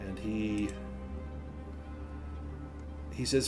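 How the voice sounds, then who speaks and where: A male game master narrates a tabletop role-playing game in a mid-range voice. He describes scenes at an unhurried pace, pausing with fillers as he goes. Faint music plays behind him. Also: medium pitch, lively intonation.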